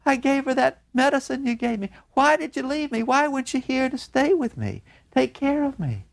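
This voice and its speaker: Man doing a young woman, unhinged, desperate, high-pitched, pleading. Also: big pitch swings, normal speed, gravelly, heavily acted. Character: distraught young woman, a jailed prisoner, unhinged.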